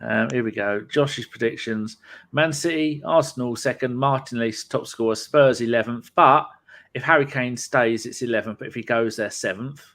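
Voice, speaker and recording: A man's voice: mid-range voice, normal speed, fairly bright tone. A man in casual podcast banter, dry and chatty. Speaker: podcast co-host. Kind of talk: casual chat.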